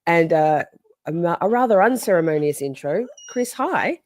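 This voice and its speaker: A woman's voice: fairly low pitch, animated, moderate pace, darkish tone, no room sound. A woman hosting a live-stream podcast from home in a casual, chatty way, greeting viewers by name and breaking off to scold her dogs. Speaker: podcast host.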